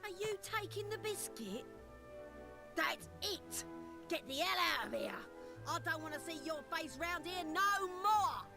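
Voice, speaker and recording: An actress playing a sharp-tongued young female pirate who scolds and snaps quickly. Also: extremely high pitch, lively intonation, music in the background, exaggerated voice. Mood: angry.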